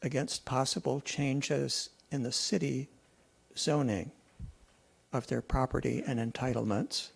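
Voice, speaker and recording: Male public commenter, precise and questioning, gravelly husky voice. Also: medium pitch, steady tone, unhurried, poor audio. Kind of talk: public comment at council meeting.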